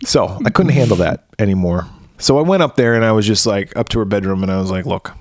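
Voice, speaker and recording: A man's voice: on the low side, expressive, fast, a little mellow, no echo, clean studio sound. A middle-aged man, co-host of a podcast, telling a swear-filled story and acting out the quotes. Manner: profane storytelling with acted-out quotes. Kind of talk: casual podcast chat.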